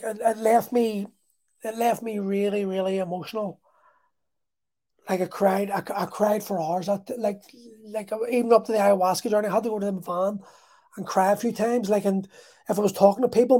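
A man talks casually through a deeply personal story. His voice is mellow and warm. He stops and restarts often in a halting, emotional way.

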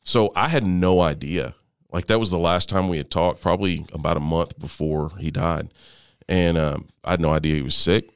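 A middle-aged man telling a personal story as an interview guest, halting, with frequent restarts and fillers, often dropping to a quieter level. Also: low voice, fairly even intonation, vocal fry, smooth, dry recording, clean studio sound.

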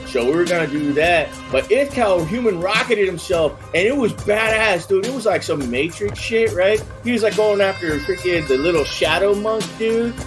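A man recapping a tabletop game session in slangy bro-speak, swearing constantly and filling every pause with "like". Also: sits high. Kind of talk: casual in-character session recap.

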